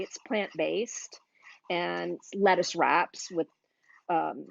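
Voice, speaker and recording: A woman's voice: on the low side, creaky, no room sound. A woman hosting a live cooking demo, chatty and gushing as she talks straight to her viewers. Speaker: cooking class host. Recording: dull, dry live-stream audio.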